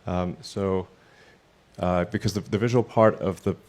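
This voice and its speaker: A man's voice: low voice, fairly even intonation, a little slow, a little mellow. A man answering an interview, hesitant, with many fillers and restarts.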